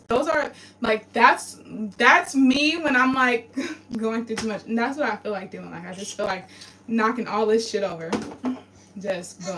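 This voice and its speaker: A woman venting through tears in a raw confessional vlog, her voice breaking as she swears and talks through grief, recorded in a home bathroom. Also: a little high. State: tearful. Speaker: vlogger. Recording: distant mic with noise.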